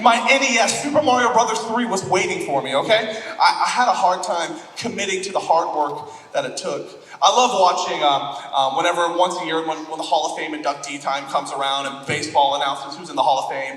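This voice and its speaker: A man's voice: high voice, fairly bright tone, reverberant, big-room sound, recorded from a distance, poor audio. A man from Florida preaching a sermon as pastor, joking and self-deprecating as he tells stories. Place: church auditorium.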